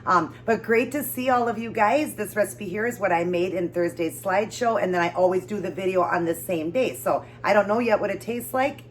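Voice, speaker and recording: A woman's voice: lowish voice, slight background noise. A woman with a Northern US accent chatting casually through a home eating show, rambling and often correcting herself. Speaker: keto vlogger. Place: home with mowing outside.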